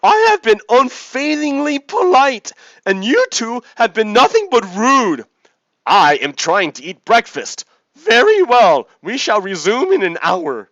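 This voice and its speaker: A man's voice: extremely high pitch, sing-song, unhurried, a bit bright, no echo, lo-fi sound, pitched above the performer's own voice, full character voice. A man voicing an overly polite, pestering male sea lion who keeps asking questions in a mock-civil tone.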